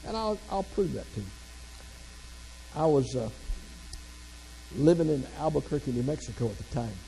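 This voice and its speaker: A man gives a motivational speech in a folksy, joking storyteller's manner, talking straight to his listeners. His voice sits a little high but sounds dark and mellow, with a gravelly edge. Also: very animated, moderate pace, slight background noise, rough recording. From Southern United States. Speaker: motivational speaker. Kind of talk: humorous motivational keynote speech.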